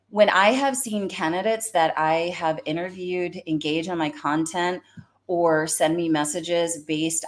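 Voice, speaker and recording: A woman with a Southern US accent hosting a solo live stream on career advice. She talks like a recruiter, chatty and fired up, with plenty of fillers. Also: on the low side. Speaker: host, recruiter.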